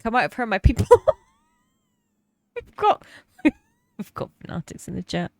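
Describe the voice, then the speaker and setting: A woman livestreaming a roleplay game, cry-laughing and teary as she talks. Her voice sits high and swings widely in pitch, recorded close and dry. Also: wildly swooping pitch, unhurried, gravelly, no room sound. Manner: helpless giggling, cry-laughing. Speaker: streamer playing an HR rep. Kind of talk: live-streamed roleplay chat.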